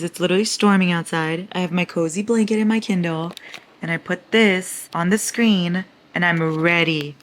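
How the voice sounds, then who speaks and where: A young woman vlogging about her reading at home, talking casually with heavy emotion, swearing and exasperated rants, upset from crying. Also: lowish voice. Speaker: book vlogger. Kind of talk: casual reading vlog chat.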